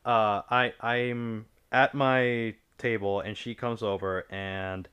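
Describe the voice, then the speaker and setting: Young male co-host, bright and clear-toned, loose anecdotal delivery with plenty of swearing. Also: fairly low pitch, flat delivery, slow pace. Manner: rambling, profane anecdote-telling. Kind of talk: casual chat.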